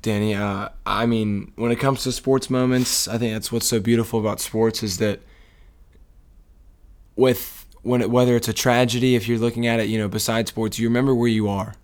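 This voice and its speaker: A man's voice: mid-range voice, little pitch movement, moderate pace, clean tone. A man co-hosting a casual sports talk show, speaking in an emotional, rambling way with many restarts. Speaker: sports podcast co-host.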